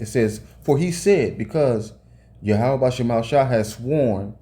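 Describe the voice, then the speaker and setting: A man's voice: mid-range voice, warm tone. A man giving an informal sermon, reading scripture aloud and ranting between passages, swearing often and ending phrases with "man". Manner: profane, tags phrases with "man", rereads and corrects himself. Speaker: preacher.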